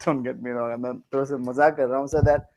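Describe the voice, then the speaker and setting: A man's voice: mid-range voice, steady tone, rapid-fire, a little mellow, low-quality recording. A man from Bangladesh teaching a class, teasing and joking as he quizzes his students. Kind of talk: classroom lecture.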